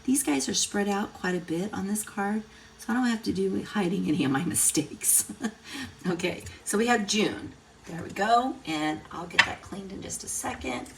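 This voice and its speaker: A woman's voice: medium pitch, lively intonation, normal speed, gravelly. A middle-aged woman giving a casual crafting tutorial, chatty and thinking aloud as she works. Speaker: card-making instructor. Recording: distant mic, noisy room.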